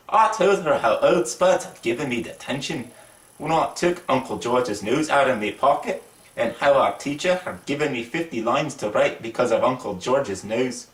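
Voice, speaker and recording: Lively man reading a storybook aloud. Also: medium pitch, reverberant, distant mic. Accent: put-on British. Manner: lively, voices the characters. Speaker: reader of a children's book.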